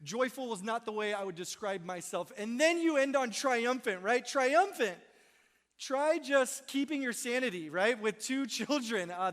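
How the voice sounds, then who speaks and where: A man's voice: high voice, fairly bright tone. A young man preaching a Christmas Eve sermon in a church, conversational and self-deprecating, often checking in with "right?". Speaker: pastor. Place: church sanctuary. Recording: long hall reverb.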